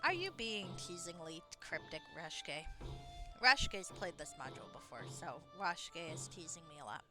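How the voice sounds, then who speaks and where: A woman's voice: on the low side, very animated, unhurried, over music. A woman streamer casually commenting on her fantasy role-playing game, chatty, self-mocking and laughing often. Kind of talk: casual let's-play commentary.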